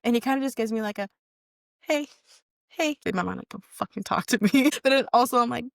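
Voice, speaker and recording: Fast and creaky with a fairly high pitch, this young podcast guest's voice comes through clean studio sound with no echo. She tells a personal story in casual chat, candidly cursing a lot and performing people's quoted lines.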